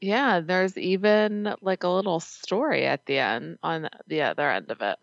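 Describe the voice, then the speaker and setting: A woman's voice: lowish voice, moderate pace, vocal fry, no room sound, lo-fi sound. A woman co-hosting a podcast in casual chat, blunt and joking, swearing casually. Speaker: podcast co-host.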